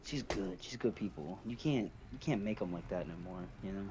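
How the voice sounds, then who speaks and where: A man's voice: low voice, brisk, noisy background. A man telling family stories in casual chat, rambling and swearing, laughing between lines. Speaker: stream party guest.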